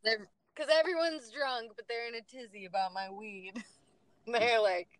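A woman's voice: on the high side, unhurried, no room sound, low-quality recording. A woman guest in a casual chat, telling stories with lots of giggling. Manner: giggly, animated storyteller.

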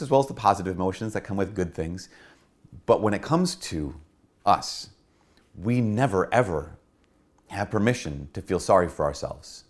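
A middle-aged man, a Catholic priest, giving an earnest spoken reflection and repeating key phrases for emphasis. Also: on the low side. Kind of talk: spoken homily-style reflection.

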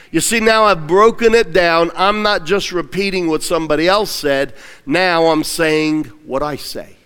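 Male preacher, high voice, slow deliberate pace, emphatic, reverberant hall. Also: smooth. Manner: emphatic, call-and-response, swings from loud to hushed. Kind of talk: sermon.

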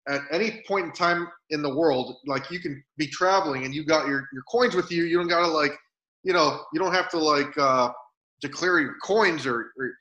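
A man's voice: fairly high pitch, moderate pace, bright, forceful tone, muffled recording. Man, guest, casual chat, rambling, fillers, roomy echo. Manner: rambling, heavy use of filler words.

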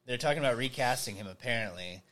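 A man's voice: mid-range voice, animated, fast talker, bright, forceful tone. A young man co-hosting a casual podcast chat, swearing a lot, laughing and acting out movie lines. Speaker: podcast co-host.

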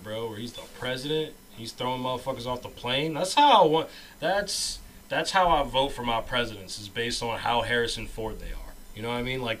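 This is a man in casual, swear-heavy banter with his friends. His voice is bright and forceful. Now and then it jumps up into loud, goofy impressions. There is a faint noise floor under the recording. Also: medium pitch, poor audio. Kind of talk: casual chat. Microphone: own microphone.

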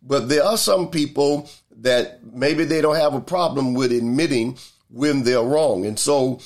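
A man mulling things over out loud in an unhurried, casual monologue. He circles back on his points, trips over repeated words and leans on fillers as he thinks. His voice sits at an ordinary middle pitch. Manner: thoughtful, rambling, many fillers and repeats.

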